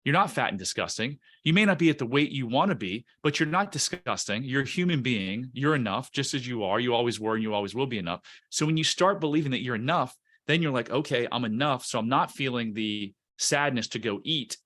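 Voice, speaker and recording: A man's voice: medium pitch, expressive, fast talker, hardly any pauses, a bit bright. Guy on a podcast giving earnest life coaching tips, trips over words sometimes. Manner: earnest, self-help explaining, restarts words. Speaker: guest, coach. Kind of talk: podcast interview, coaching advice.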